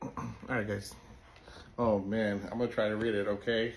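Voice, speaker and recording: A man with a fairly low voice speaks to his viewers in an earnest, plain-spoken way. He sounds casual and reassuring. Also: flat delivery, moderate pace, gravelly, slight background noise. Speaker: co-host of a religious channel.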